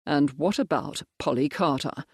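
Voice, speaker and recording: A narrator voicing a grim, pressing gentleman. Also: medium pitch, moderate pace, slightly rough, no room sound, clean studio sound. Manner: firm, pressing questions. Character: grim, determined male baronet and major.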